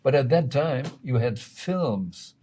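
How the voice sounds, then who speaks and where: A man hosting an interview, asking halting, searching questions. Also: mid-range voice, expressive, mellow, breathy edge. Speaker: host. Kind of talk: interview conversation.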